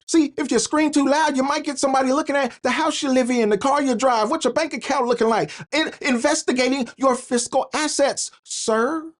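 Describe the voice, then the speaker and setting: A man hosting a commentary video, folksy and sarcastic, chuckling and talking to his viewers as "y'all". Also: very high-pitched. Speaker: commentary channel host. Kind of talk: political commentary vlog.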